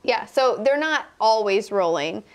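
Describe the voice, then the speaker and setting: A woman's voice: mid-range voice, expressive, a little slow. A young woman co-hosting a casual podcast, chatting and explaining behind-the-scenes details as a former contestant. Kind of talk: casual chat.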